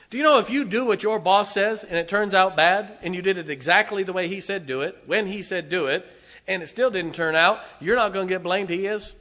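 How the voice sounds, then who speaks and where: A man preaching a sermon in a church, emphatic, swinging between loud outbursts and hushed asides. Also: sits high, long reverb tail.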